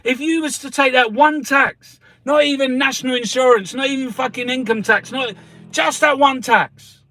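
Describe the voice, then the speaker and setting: A man's voice: very high-pitched, normal speed, pushed and bright, no echo. A middle-aged man, ranting in angry, heavily sworn commentary as he reviews the newspapers. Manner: angry, sweary, heated rant.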